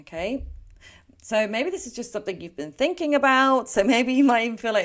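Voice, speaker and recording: A woman's voice: fairly high pitch, expressive, a little fast. Chatty woman giving a tarot reading. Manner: chatty, rambling, with frequent fillers and self-corrections. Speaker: tarot reader. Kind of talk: casual pick-a-card tarot reading.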